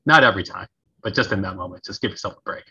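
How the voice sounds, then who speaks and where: A man talking as a conflict resolution coach in a casual podcast interview, animated and laughing often as he acts out sample phrases. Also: deep voice, rapid-fire, a little hiss or hum. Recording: dull lo-fi audio.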